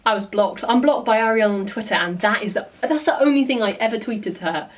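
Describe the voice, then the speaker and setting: A woman vlogger talking through a reaction video in a blunt, exasperated way, swearing freely. Her voice sits fairly high. She sounds set back a little from the microphone. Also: brisk, hardly any pauses, recorded from a distance. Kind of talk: casual reaction commentary.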